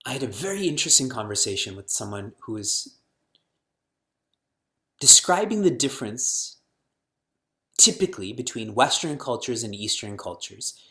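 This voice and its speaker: Lively man teaching scripture. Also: mid-range voice. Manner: animated, fires rhetorical questions, chants verses slowly. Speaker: spiritual teacher. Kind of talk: scripture lecture to an audience.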